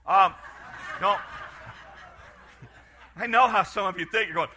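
Bright-voiced animated male preacher. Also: very high voice, normal speed, long pauses. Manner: animated, repetitive restarts, acts out farm scenes. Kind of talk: sermon.

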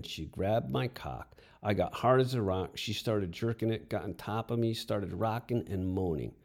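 A man's voice: on the low side, moderate pace, few pauses, darkish tone. A man telling a first-person story with wry, crude humor.

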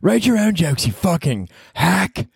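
Man doing a high, bossy girlfriend voice for a comic podcast bit, teasing and nagging. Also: big pitch swings, a little slow, gravelly, husky, no room sound, studio quality, exaggerated voice. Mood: scolding.

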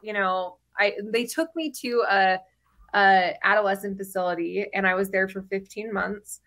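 A woman's voice: medium pitch, fairly even intonation, normal speed, a bit bright. A woman in her thirties sharing her personal story as a podcast guest, chatty, with frequent fillers and laughs between phrases.

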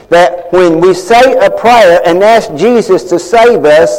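A man with a high voice preaches a sermon, dropping to a hushed near-whisper and then rising to loud, high-pitched calls. His voice rings out with a long reverb through the church hall. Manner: dramatic swings from hushed to shouting. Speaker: pastor.

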